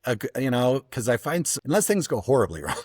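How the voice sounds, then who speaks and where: A man hosting a travel podcast who asks questions and tells his own stories, with thoughtful pauses and restarts. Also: medium pitch, big pitch swings, a little mellow, slightly rough, dry recording, clean studio sound. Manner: thoughtful, hesitant restarts, storytelling. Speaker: podcast host. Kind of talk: casual interview.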